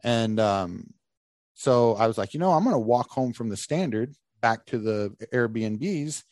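Male host, casual storyteller, jumps into quotes, middle pitch, dry close mic. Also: a little slow, no room sound. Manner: animated storyteller acting out quotes. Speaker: podcast host.

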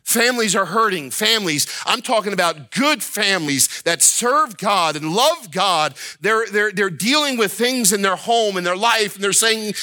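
A man's voice: sits high, lively intonation, moderate pace, sharp tone, dry recording. A man preaching a sermon as a pastor, impassioned, repeating himself and rising to pleading cries. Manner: repeats words and restarts when worked up.

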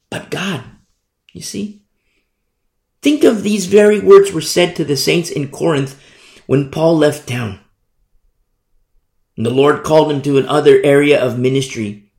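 Man, pastor, preaching sermon, gravelly voice, echoey room. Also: a little high, expressive, measured pace, pauses often, darkish tone. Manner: preaching, repetitive, emphatic rhetorical questions.

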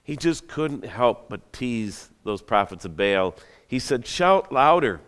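A pastor preaches a sermon, retelling a story conversationally and dramatically with joking asides. His fairly low voice is expressive and slow, and the recording carries a long hall reverb.

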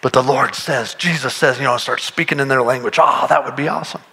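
A pastor delivers his sermon in a chatty, animated style, acting out voices he imagines. His pitch is medium, he talks fast, and his voice has a creaky quality.

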